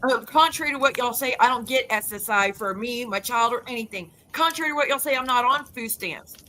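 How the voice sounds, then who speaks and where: A woman's voice: a little high, sharp tone. A woman YouTube creator ranting heatedly to her viewers, swearing and cutting herself off mid-sentence. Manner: heated, profane, rapid restarts and self-interruptions.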